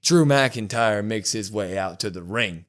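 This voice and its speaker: A man co-hosting a podcast, retelling a wrestling show in a casual, animated way, quoting what was said. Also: on the low side, measured pace. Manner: animated storytelling, quotes wrestlers. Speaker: podcast co-host. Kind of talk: casual wrestling recap chat.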